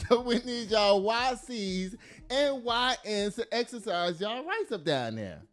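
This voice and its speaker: A man's voice: sits high, very animated, slow pace. A man giving blunt, profane, emphatic political commentary to his audience, laughing at his own jokes. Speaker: commentary host.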